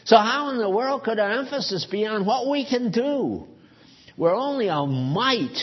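High husky male preacher, lo-fi. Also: animated, measured pace. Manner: earnest, rhetorical questions. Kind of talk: sermon.

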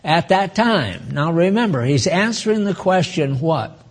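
A man in his nineties giving an informal Bible teaching, slow and chatty, with asides to his listeners. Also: sits high, lively intonation. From United States. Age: 90s.

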